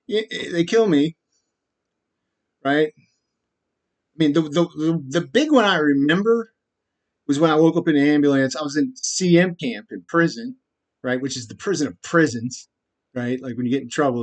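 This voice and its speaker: A man in a rambling, agitated, profane monologue, laughing often and tagging his sentences with "right?". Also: medium pitch. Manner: frequent laughs and repeated "right?". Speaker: vlogger.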